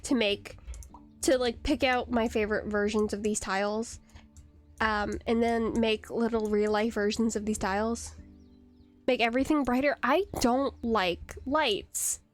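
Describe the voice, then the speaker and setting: Young woman, game streamer, rambling and giggly, bright higher voice, soft game music under her. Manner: rambling, giggly, answers chat. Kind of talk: casual live-stream chat while gaming. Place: home computer setup.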